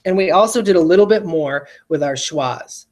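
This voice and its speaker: A patient teacher leads a recorded spelling lesson for children in a voice of ordinary middle pitch. Each example word is spoken slowly and said twice, with careful, exaggerated enunciation. Frequent check-ins of "okay?" keep the pace gentle and encouraging. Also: lively intonation.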